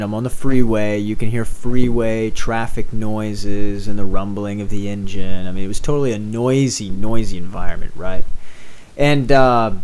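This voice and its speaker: A man co-hosting a podcast in casual chat, telling stories in an animated way with casual swearing. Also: lowish voice. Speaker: podcast co-host.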